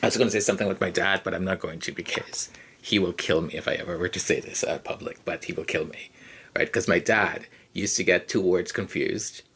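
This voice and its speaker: A podcast host giving casual personal commentary in an animated way, acting out quoted lines and dropping into quiet asides. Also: deep voice, fairly quick, slightly rough.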